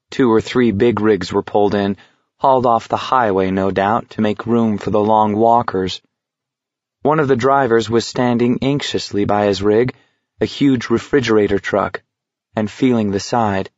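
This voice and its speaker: Slow, measured male audiobook narrator. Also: lowish voice, darkish tone, dry recording, highs cut off.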